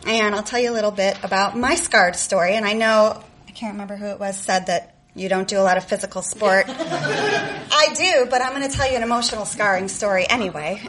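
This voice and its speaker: Woman, from Chicago, live storytelling, sarcastic, swears, bright tone. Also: mid-range voice, a little hiss or hum, low-quality recording. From Chicago, USA. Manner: sarcastic, profane, laughing often.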